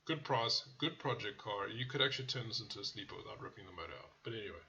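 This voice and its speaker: A man's voice: on the low side, expressive, fast, sharp tone, lo-fi sound, a little hiss or hum. A man hosting a car channel, casually reviewing car ads in a blunt, profane way that often turns into rants. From South Africa.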